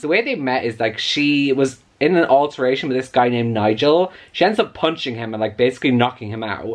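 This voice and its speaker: A young man chatting excitedly in a casual book vlog, with plenty of "like" fillers. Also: mid-range voice. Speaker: book vlogger. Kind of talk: casual chat.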